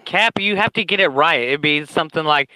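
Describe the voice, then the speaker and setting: A man's voice: on the high side, brisk, pushed and bright, dry recording, rough recording. A man chatting on a livestream, joking around and slipping into song and mock voices. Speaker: guest on the stream. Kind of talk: casual group chat on a livestream.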